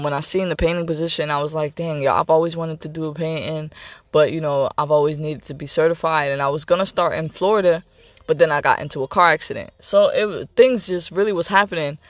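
A man's voice: fairly high pitch, fairly bright tone, no echo. A young man hosting a podcast, talking candidly in a rambling, repetitive way. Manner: candid, rambling, repeats himself. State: getting emotional. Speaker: podcast host. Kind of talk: casual personal monologue.

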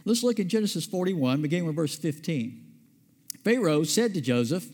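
A man with a fairly high voice preaches a sermon, talking to his congregation conversationally and tossing out questions he answers himself. His words ring out with the long reverb of a large hall. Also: lively intonation, moderate pace, a little mellow. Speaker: pastor.

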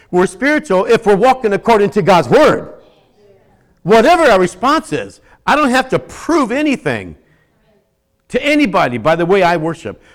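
His voice sits high as this older man preaches, his volume rising to shouts and dropping to near-whispers, with words repeated for emphasis.

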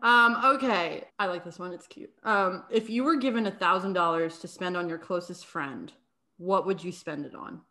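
A woman's voice: lowish voice, normal speed, pushed and bright. Giggly woman hosting a chat. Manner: giggly, reads out questions. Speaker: host. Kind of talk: casual chat.

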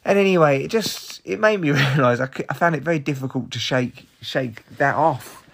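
A man's voice: fairly high pitch, moderate pace, vocal fry, a bit bright. A male comedian hosting his own podcast, telling a rambling, candid and sweary story in a casual solo monologue.

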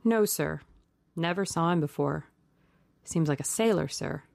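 A woman's voice: low-pitched, unhurried, gravelly, darkish tone, no echo. A woman voicing an older male gamekeeper who speaks plainly and respectfully. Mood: deferential. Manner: respectful, subdued, plain-spoken.

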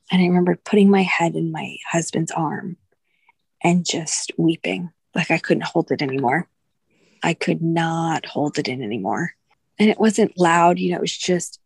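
A woman in her thirties, a guest on a podcast, telling a personal loss story in an emotional, halting way with many restarts. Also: fairly low pitch, vocal fry, a little mellow, husky, dry recording.

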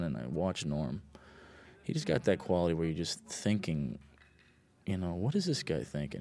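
A film director talks casually over his own movie in a relaxed, rambling way. His voice is very low, and he fills it with "you know" and "uh" and blunt opinions. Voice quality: rambling, lots of fillers, laid-back and blunt. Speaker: film director giving commentary.

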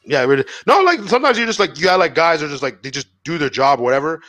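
A man's voice: fairly high pitch, fast, crowd noise. A man on a casual podcast, telling stories animatedly and acting out the people he quotes. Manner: animated, acts out quoted people, laughs often. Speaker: podcast co-host. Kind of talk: casual storytelling chat.

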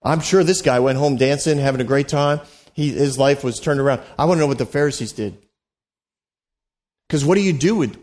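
A man's voice: medium pitch, a little mellow. A man preaching a sermon as a pastor, in a conversational, joking way, acting out the voices he quotes.

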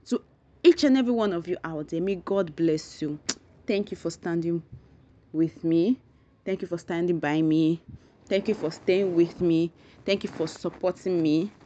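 A woman hosting a solo podcast, rambling and thinking out loud, effusively grateful to her listeners. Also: lowish voice. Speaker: podcast host. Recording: dull lo-fi recording.

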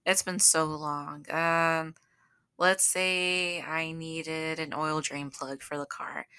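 Woman cohost, bright voice, kinda low, dry close sound, says like a lot. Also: fairly even intonation, slow, clean tone, no echo. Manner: chatty, lots of "like" and "um". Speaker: podcast co-host. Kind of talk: casual chat.

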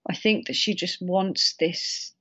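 A woman's voice: on the low side, steady tone, slow pace, pushed and bright, husky, dull audio. A woman co-hosting a casual film discussion, rambling a bit with fillers and restarts.

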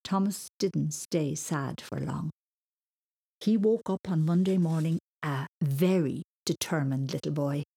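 A woman reading a children's story aloud in a gentle storytelling manner. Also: deep voice, unhurried, creaky, breathy edge.

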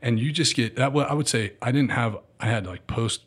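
A man in his thirties telling animated stories as a guest, acting out quotes and saying "dude" a lot. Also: medium pitch, brisk, breathy edge. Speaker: guest, former military contractor. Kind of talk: casual storytelling.

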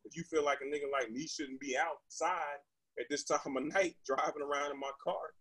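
A man from Texas, telling a story as a podcast guest in an animated, profane, indignant way. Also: fairly high pitch, normal speed, breathy edge, dry recording, poor audio. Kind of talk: casual storytelling.

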